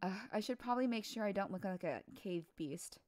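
A woman's voice: medium pitch, expressive, a little fast, a little mellow, no room sound. A woman giving casual let's play commentary, self-deprecating, giggly and rambling. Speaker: game streamer.

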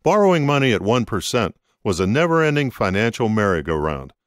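A man narrating an audiobook in an expressive, scripted reading. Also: lowish voice, fairly quick, dry recording, clean studio sound.

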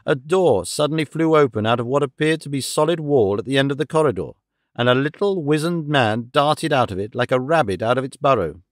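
In studio-quality audio without any echo, a male audiobook narrator reads a scripted text. His voice sits in the mid-range, and his storytelling stays steady and measured.

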